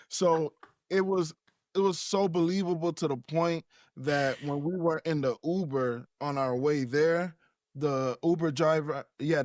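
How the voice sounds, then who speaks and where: A man's voice: fairly high pitch, no room sound, studio quality. A man from Chicago, an interview guest who tells his story in a laid-back way, chuckling between phrases. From Chicago, USA. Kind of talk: conversational interview.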